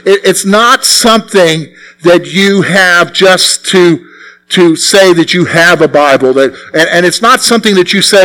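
An older man, a pastor delivering a sermon, earnest and repeating phrases for emphasis, moving between hushed and forceful delivery. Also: a little high, normal speed.

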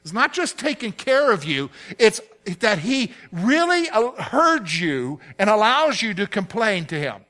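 A male preacher gives an emphatic sermon and keeps putting direct questions to his listeners. His voice sits high for a man and has a bright, ringing tone. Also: very animated, measured pace, few pauses.

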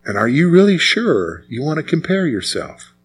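A man's voice: fairly high pitch, very animated, normal speed, husky, rough recording. A man preaching a sermon as pastor, emphatic and repeating his key phrases.

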